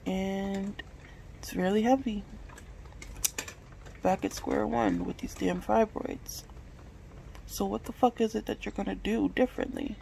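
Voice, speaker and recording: A woman's voice: mid-range voice, steady tone, a little slow, vocal fry, long pauses, dark tone, slight background noise, rough recording. A woman in her late twenties talking candidly and emotionally to her phone camera at home, swearing freely. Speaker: vlogger. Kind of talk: personal talk to camera. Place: at home indoors.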